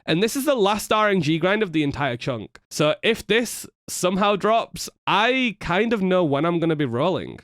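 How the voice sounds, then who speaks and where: A man talking through his game session in a chatty, excitable, self-deprecating way as a gaming video creator. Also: high voice, moderate pace, few pauses, dry recording, clean studio sound. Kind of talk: casual gameplay commentary.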